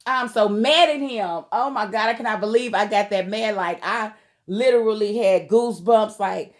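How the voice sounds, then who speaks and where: A woman's voice: mid-range voice, normal speed. A woman from Kentucky giving an emphatic, heated casual vlog commentary on a TV show, speaking in outspoken slang. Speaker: TV show recap vlogger.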